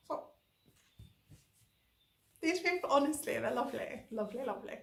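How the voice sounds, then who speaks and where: A woman's voice: on the high side, moderate pace, creaky, pauses often, reverberant. A woman from England chatting casually in a travel diary vlog, telling stories with lots of fillers. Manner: chatty, animated storytelling with many fillers. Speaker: travel vlogger.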